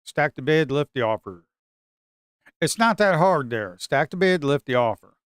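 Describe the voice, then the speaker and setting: Excitable man trading live. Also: fairly high pitch, moderate pace, smooth, no echo, studio quality. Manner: excitable, swings from shouting to muttering, talks to the market. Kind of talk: live commentary on his own trades.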